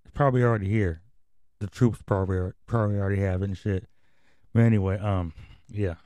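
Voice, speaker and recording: A man hosting a homemade radio show, talking in a somewhat low voice. He rambles through headlines with blunt, profane asides. The sound is dry and close, with no room behind it. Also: fairly even intonation, a little fast, dark tone, no echo. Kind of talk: casual commentary and news reading.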